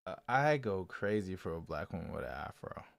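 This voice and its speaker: A man's voice: low voice, big pitch swings, a little fast, vocal fry, no room sound. A man co-hosting a reaction show, talking in a loose, rambling, opinionated way. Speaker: co-host reacting to a dating show clip. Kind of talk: casual chat.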